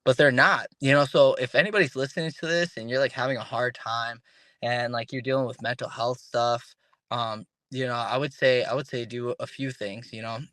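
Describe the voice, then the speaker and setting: As a guest on an interview podcast, a man chats casually and with animation at a moderate pace and medium pitch. He repeatedly restarts sentences and acts out the voices of those he quotes, captured in a dry recording.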